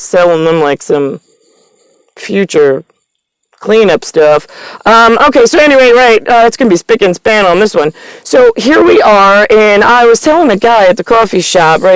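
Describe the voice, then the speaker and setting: A woman with a fairly low, clear, resonant voice vlogs directly to camera in a rambling, profane, stream-of-consciousness monologue. There's no echo, though the recording quality is low.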